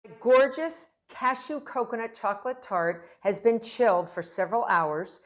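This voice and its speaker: A woman's voice: on the high side, lively intonation, moderate pace. Woman, middle-aged, cooking instructor; playful, encouraging demo patter. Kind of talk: cooking demonstration.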